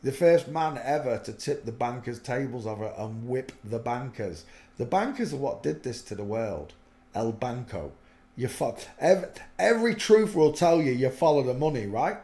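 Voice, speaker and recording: A man's voice: mid-range voice, lively intonation, normal speed, warm tone. A man giving earnest, preachy spoken commentary on faith, rambling with many fillers, in an echoey room. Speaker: religious video host.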